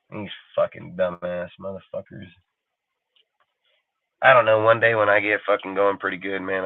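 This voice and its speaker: A low-voiced man runs a live stream full of furious, swear-laden ranting and mocking impressions of other people. No room sound is audible, and the recording has a dry, phone-like tinny quality.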